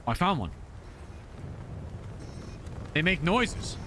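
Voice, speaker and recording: A man streaming a video game live, chatting casually and excitably shouting thanks to his supporters. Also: high voice, drawn-out words, noisy background.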